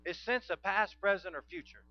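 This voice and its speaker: A man preaching a sermon, swinging from soft to loud and calling out to the congregation for responses. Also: high voice, animated, brisk. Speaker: pastor. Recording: dull lo-fi sound.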